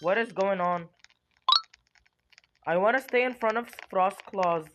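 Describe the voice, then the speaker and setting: A young adult streamer giving excited gameplay commentary, giggling, squealing and talking dramatically to themselves. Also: medium pitch, unhurried, long pauses, dull audio, slight background noise.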